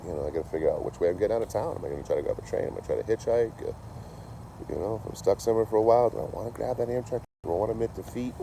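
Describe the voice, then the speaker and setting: A deep, mellow-voiced man talks outdoors in a casual, rambling way. He swears freely and leans on "you know" between thoughts. Faint traffic hums behind him in the street. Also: racing. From Massachusetts. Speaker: traveling vlogger. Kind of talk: casual chat.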